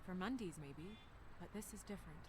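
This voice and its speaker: A woman playing a brisk businesslike deputy. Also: on the low side, lively intonation, noisy background, lightly acted. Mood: firm. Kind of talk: video game voice acting.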